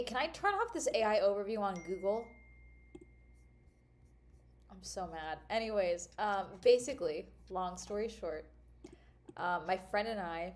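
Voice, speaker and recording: A woman's voice: medium pitch, darkish tone. A woman chatting casually on a livestream in a rambling, exasperated way while checking her phone and laptop. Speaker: streamer. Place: at home at a laptop.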